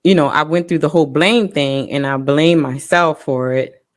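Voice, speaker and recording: A woman co-hosting a parents' talk show, telling a personal story in an emotional, halting way with many pauses and restarts. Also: deep voice. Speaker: parent co-host. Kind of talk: casual personal testimony.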